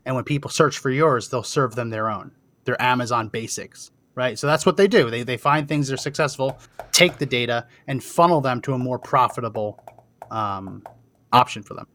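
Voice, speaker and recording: A man's voice: mid-range voice, moderate pace, pushed and bright, a little hiss or hum. A man co-hosting a talk show, chatting in an easygoing way. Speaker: co-host. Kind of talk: casual talk show chat.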